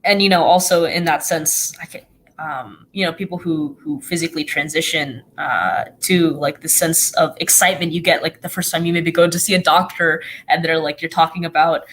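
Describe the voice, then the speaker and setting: A young guest talking about their own life on a video call, excited and chatty, with many "like"s and restarts. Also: medium pitch, moderate pace, slight background noise. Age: teens or young adult. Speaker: youth guest blogger. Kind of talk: casual live-stream conversation.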